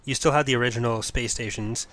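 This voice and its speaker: A man in his twenties hosting a casual game stream, explaining with relaxed, self-mocking asides and fillers. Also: medium pitch, fast. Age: 20s. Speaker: mod developer hosting a stream. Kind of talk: casual gaming livestream chat.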